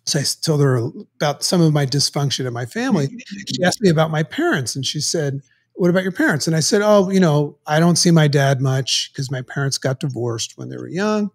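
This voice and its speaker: A middle-aged man speaks as a podcast guest, recounting a turning point from his past. His voice sits a little high for a man, and he talks earnestly, pausing and restarting as he works through his memories. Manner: earnest, halting, with many restarts. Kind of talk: personal storytelling in conversation.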